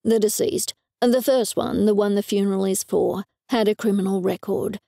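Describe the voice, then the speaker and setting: A woman's voice: medium pitch, steady tone, normal speed, gravelly, dark tone, no room sound, studio quality, lightly acted. A woman narrator voicing a tired, businesslike male police detective. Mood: matter-of-fact. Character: weary male police detective, matter-of-fact.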